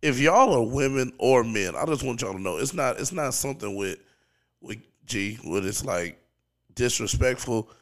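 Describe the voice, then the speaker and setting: A man's voice: mid-range voice, lively intonation, normal speed. A man guesting on a casual podcast, talking in blunt, profane, teasing banter.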